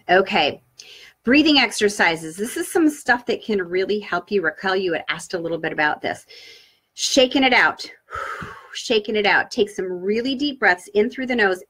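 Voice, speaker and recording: A woman giving an upbeat live-streamed training talk on public speaking, coaching her viewers with lively inflection. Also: mid-range voice, breathy edge. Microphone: webcam or laptop mic for a live stream.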